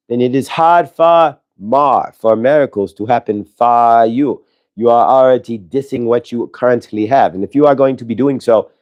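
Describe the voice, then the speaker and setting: A man channeling the spirit of an ascended master, speaking in slow, drawn-out affirmations. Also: mid-range voice, darkish tone, close to an everyday voice. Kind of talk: channeled message.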